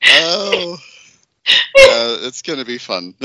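A man's voice: sits high, wildly swooping pitch, extremely slow, pushed and bright, no room sound. A man co-hosting a casual podcast, joking around and often breaking into laughter. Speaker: podcast co-host.

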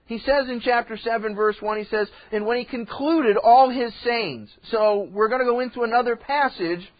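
High-voiced pastor preaching on lo-fi radio. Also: male voice. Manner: conversational, acts out quoted voices. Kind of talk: sermon.

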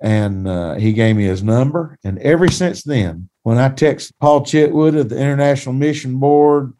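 A male pastor tells his story in a plain, folksy, earnest manner. His voice sits at an ordinary middle pitch for a man. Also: moderate pace, warm tone. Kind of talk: personal testimony storytelling.

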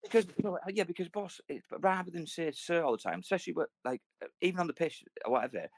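Rambling middle-aged ex-soldier. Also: male voice, on the high side, animated, quick pace, no echo. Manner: rambling, repeats and restarts, sweary. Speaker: podcast co-host, ex-soldier. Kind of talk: casual banter.

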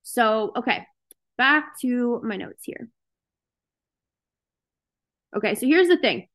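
Frank, chatty woman hosting a self-help call, a little high in pitch, easy and conversational. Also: animated, takes it slowly, a bit bright. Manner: frank, chatty, with lots of fillers. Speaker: host of a self-help session. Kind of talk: casual motivational talk. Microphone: video call.

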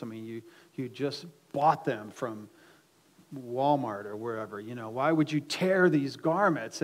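A male pastor preaching a sermon, swinging from quiet asides to loud, emphatic outbursts and often repeating words as he restarts. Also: medium pitch.

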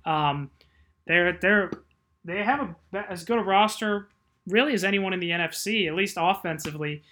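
A man co-hosting a casual sports chat, measured and quick to laugh. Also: high-pitched, pushed and bright. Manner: measured, chatty, laughs easily. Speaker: podcast co-host.

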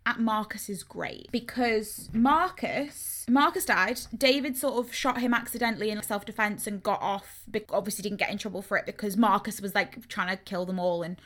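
A woman co-hosting a podcast, casually recapping a book in an animated, sweary way and acting out the characters' lines. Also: medium pitch, moderate pace, few pauses. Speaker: podcast co-host.

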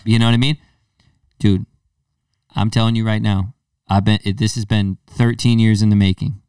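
A man's voice: fairly low pitch, brisk, smooth, dry recording, studio quality, far from the mic. A man hosting a podcast, chatting casually and acting out voices as he tells stories. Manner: animated storyteller, acts out quoted voices. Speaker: podcast host. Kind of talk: casual chat.

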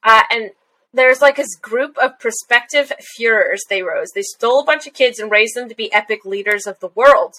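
Young woman, high bright voice, giggly rambling podcast chat. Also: animated, normal speed, low-quality recording. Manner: rambling, giggly, lots of fillers. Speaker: podcast co-host. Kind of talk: casual chat recapping an anime episode.

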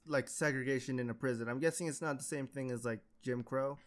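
Man, podcast host, smooth clear voice, mid pitch, relaxed questions. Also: a little fast. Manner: relaxed, asks questions, laughs easily. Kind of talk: casual podcast chat.

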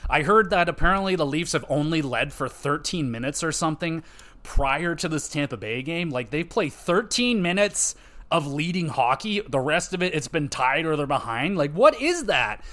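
A man's voice: fairly high pitch, animated, moderate pace, a bit bright. A man hosting a hockey podcast, ranting casually with frequent swearing, fillers and restarts. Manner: frustrated, profane, rambling with fillers. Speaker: podcast host.

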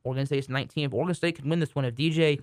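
A young man co-hosting a casual sports podcast, joking and rambling with quick restarts. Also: mid-range voice, fairly even intonation, no room sound, clean studio sound. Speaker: podcast co-host.

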